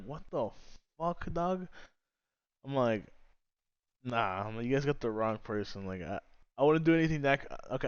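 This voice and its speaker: A man's voice: mid-range voice, no room sound. Profane young man telling a story. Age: young adult. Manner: profane, rambling, animated retelling. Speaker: vlogger. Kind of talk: casual storytelling. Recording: dry, slightly dull close recording.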